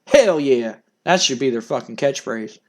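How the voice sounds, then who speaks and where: A man's voice: medium pitch, expressive, normal speed, a little mellow. A man casually narrating a wrestling simulation game, rambling, cursing and chuckling as he goes. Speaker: game streamer.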